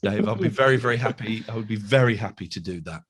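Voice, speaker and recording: A man's voice: on the low side, fast. A man hosting a podcast, chatting casually and telling stories with a laugh. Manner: chatty, laughing, animated storytelling. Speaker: podcast host. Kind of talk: casual production meeting chat.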